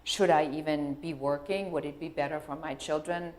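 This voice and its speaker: Woman, middle-aged, low voice, chatty, anecdotal storytelling. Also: steady tone, moderate pace, a little mellow. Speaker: speaker in a clip. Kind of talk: storytelling talk.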